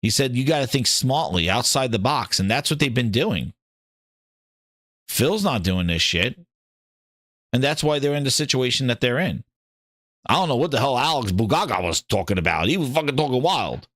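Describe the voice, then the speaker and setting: Animated, profane man hosting a gaming show. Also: medium pitch, no room sound, studio quality. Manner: swears freely, mocking voices, excitable. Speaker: gaming podcast host. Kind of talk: casual opinionated commentary.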